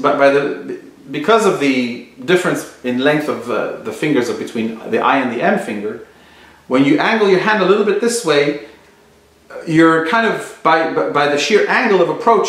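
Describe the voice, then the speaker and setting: A man's voice: on the high side, a bit bright. A man teaching flamenco guitar technique, explaining thoughtfully and searching for his words. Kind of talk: instructional explanation. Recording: very echoey room.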